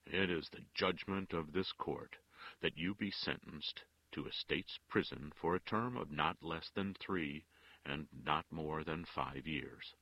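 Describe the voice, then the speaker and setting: A man's voice: very deep voice, slow pace, breathy edge, dry recording, dull audio, exaggerated voice. An actor voicing a stern older male judge who speaks in an implacable, disagreeable way with a grating voice. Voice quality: grating, harsh.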